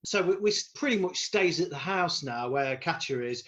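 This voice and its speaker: A man's voice: fairly high pitch, lively intonation, normal speed, fairly bright tone, highs cut off, faint music behind. A man co-hosting a podcast, casually recapping a horror film plot with swearing and laughter. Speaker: podcast co-host.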